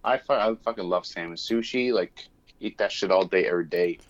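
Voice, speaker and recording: A man with a fairly low voice co-hosts a casual podcast. He is upbeat, laughs often and swears casually. His audio sounds dull and lo-fi. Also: brisk. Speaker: podcast co-host.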